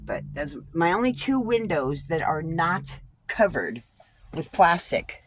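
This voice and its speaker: Woman, casual vlog, low voice, unhurried, blunt and profane, stop-start phrasing, small RV interior. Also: sing-song, slight background noise. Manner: frank, swears freely, halting restarts. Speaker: vlogger. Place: inside a small RV. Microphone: phone or camera with a wide-angle lens.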